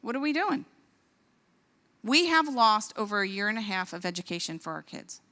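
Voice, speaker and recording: A woman in her forties, a physician, giving an impassioned talk at a church, indignant and animated, her voice rising to exclamations. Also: medium pitch, normal speed. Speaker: physician speaker. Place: large church hall. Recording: long hall reverb.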